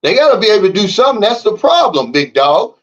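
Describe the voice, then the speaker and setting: The audio is dull, and the man's high voice swings widely in pitch as he talks fast. Hosting a casual livestream from the Philippines, he reads chat and rants in a fired-up, blunt way, often saying "Big Dog" and "okay?".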